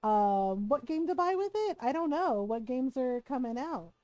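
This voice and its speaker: A woman with a fairly high voice chats casually while streaming a game, drifting between thoughts with ums and easy laughter. Her sound is dry and close, as if from a desk microphone at home. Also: lively intonation, moderate pace, a little mellow, dry recording. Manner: chatty, laughs often, trails off with ums. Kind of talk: casual live-stream chat.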